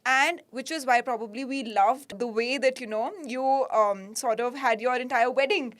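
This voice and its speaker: A woman's voice: fairly high pitch, moderate pace. A woman with an Indian English accent co-hosting a podcast, chatting in an affirming way and mixing in some Hindi. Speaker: podcast co-host. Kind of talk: casual podcast chat.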